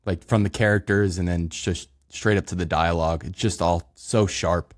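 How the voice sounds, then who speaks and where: A man with a low voice co-hosting a casual movie chat. He rambles through his thoughts with loose, hedging phrasing. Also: steady tone, normal speed. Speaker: podcast co-host.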